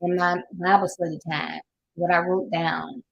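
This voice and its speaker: A woman's voice: on the low side, level tone, a little slow, creaky, dull audio. An older woman with a Southern US accent, hosting a casual motivational talk, folksy and preachy, sometimes laughing as she talks. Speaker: life coach host.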